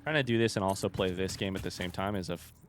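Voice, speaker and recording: A man's voice: deep voice, fast, a little hiss or hum. A young man streaming a game, chatting casually with his viewers in a rambling, joking way and often breaking off mid-sentence. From United States. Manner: rambling, self-interrupting, joking asides. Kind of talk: casual livestream chat with viewers.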